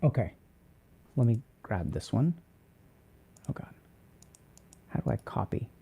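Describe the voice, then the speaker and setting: A man's voice: medium pitch, expressive, a little slow, gravelly, warm tone, slightly rough. A man hosting a casual livestream, reading out and answering chat questions in a loose, rambling way.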